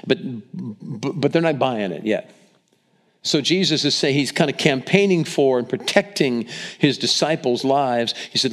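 A man's voice: medium pitch, moderate pace, a bit bright. A man preaching a sermon, retelling the scripture vividly and stumbling over restarts. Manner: storytelling, dramatizes quotes with acted voices; frequent restarts and repetitions.

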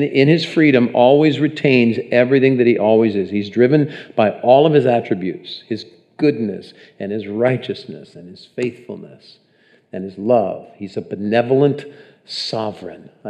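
A man's voice: medium pitch, moderate pace, muffled recording. A man preaching a sermon in a conversational way, often putting questions to the congregation. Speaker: pastor.

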